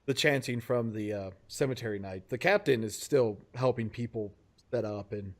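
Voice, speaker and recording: A man narrating as game master in a casual tabletop game, halting and full of fillers, laughing often. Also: medium pitch.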